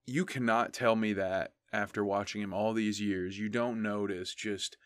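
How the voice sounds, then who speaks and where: A man's voice: fairly low pitch, steady tone, unhurried, no room sound, studio quality. A man hosting a solo podcast, ranting in a casual, profane, sarcastic way. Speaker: podcast host.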